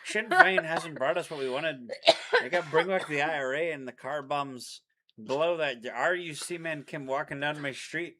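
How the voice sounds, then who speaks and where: A man's voice: a little high, normal speed, voice pushed up. A man doing a fiery ranting Irishman. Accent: put-on Irish. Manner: loud, ranting.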